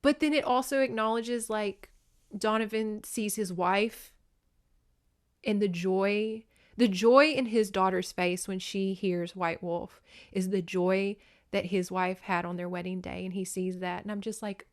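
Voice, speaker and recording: A woman's voice: medium pitch, fairly even intonation, measured pace. A woman hosting a podcast, chatting casually about a book, emotional and teary, swearing often and breaking into tearful laughter. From United States. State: teary, crying. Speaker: podcast host reviewing a book. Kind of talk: casual chat.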